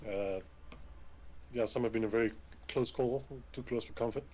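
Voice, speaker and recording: A man's voice: medium pitch, normal speed, slight background noise, rough recording. A man playing his character in a tabletop game, casual and rambling, often laughing. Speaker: player.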